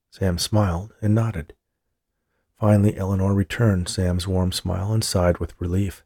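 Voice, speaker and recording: A man reading a novel aloud as an audiobook narrator, in a steady, measured way. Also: sits low, no echo, clean studio sound. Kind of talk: scripted narration.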